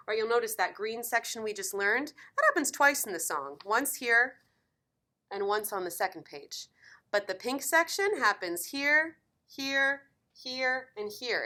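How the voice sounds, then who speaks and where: A woman's voice: a little high, bright, forceful tone. A woman teaching piano in a lesson video, encouraging and counting beats aloud.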